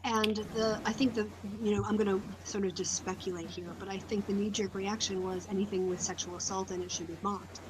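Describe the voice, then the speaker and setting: A woman's voice: mid-range voice, steady tone, fairly quick, hardly any pauses, noisy background. A woman hosting a casual online discussion, talking in a thoughtful, speculative way with many fillers over a video call. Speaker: host.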